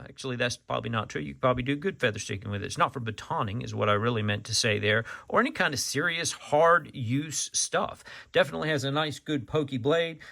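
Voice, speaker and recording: A man's voice: mid-range voice, vocal fry, a bit bright. A man giving a casual, rambling knife review, folksy and saying "y'all" often.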